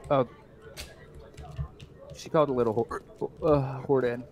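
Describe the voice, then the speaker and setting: Man with hiccups, short quiet remarks. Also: mid-range voice, steady tone, unhurried, a little hiss or hum. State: has hiccups. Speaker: co-player. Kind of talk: casual gaming chat.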